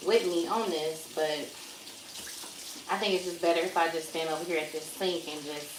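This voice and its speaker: A woman's voice: sits low, fairly even intonation, normal speed. A woman chatting casually to her viewers as she cooks in a home kitchen, talking straight to them as y'all. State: out of breath. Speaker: vlogger. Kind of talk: casual cook-with-me chat to viewers. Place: home kitchen, running water and frying. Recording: echoey kitchen with faint background noise.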